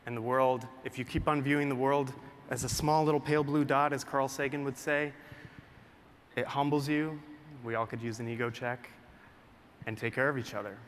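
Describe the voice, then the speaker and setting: A man's voice: mid-range voice, steady tone, moderate pace, slight background noise. A man giving an emotional, earnest talk on stage before an audience, telling a story through a stage microphone.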